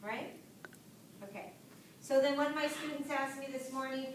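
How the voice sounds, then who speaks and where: A woman with a high voice lectures a class, encouraging, often asking whether her points make sense. She sounds distant from the mic, in a very echoey room with faint noise behind her. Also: moderate pace, pauses often. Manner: encouraging, checks in with frequent "right?" and "make sense?". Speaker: yoga and health teacher.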